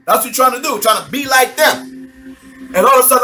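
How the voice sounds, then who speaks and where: A man, telling a testimony in an animated, slangy way, swearing, laughing often and checking that the listener follows. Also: very high-pitched, quick pace, long pauses, a little hiss or hum. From New York City. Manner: swears a lot, street slang, keeps asking if you follow. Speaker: minister giving a testimony.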